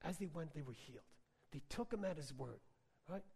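A man preaching a sermon in a conversational, animated storytelling way, full of filler words. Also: a little high, fairly quick, gravelly, breathy edge. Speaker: pastor. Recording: long hall reverb.

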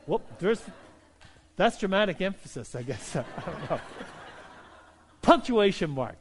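A middle-aged male pastor preaching a sermon, moving from calm teaching to loud, fervent exhortation. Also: high voice, normal speed.

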